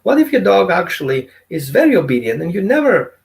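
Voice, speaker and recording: A man's voice: sits high, sing-song, brisk, gravelly. Chatty male dog trainer. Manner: conversational, asks the audience questions. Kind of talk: informal teaching talk.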